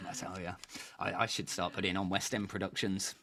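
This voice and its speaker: A man hosting a comedy crypto panel game, playful and teasing, stammering over quick restarts. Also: low-pitched, little pitch movement, a bit bright, a little hiss or hum. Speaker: game show host.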